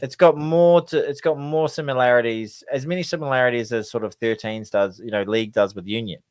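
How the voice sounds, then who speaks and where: A man with a mid-range voice trades lively banter as a podcast co-host and pokes fun at himself. His voice sounds dry and close, with no room echo. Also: mid-range voice, fairly quick, clear, resonant tone. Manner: animated, self-deprecating banter. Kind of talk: casual sports chat.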